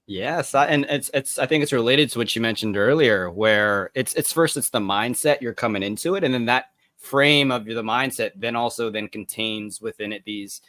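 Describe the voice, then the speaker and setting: A man hosts a relaxed interview, keen and quick to agree. His voice sits in a middle register. He sums up ideas in a thoughtful, conversational way. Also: mid-range voice. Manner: eager, affirming listener. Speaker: podcast host. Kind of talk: casual interview talk.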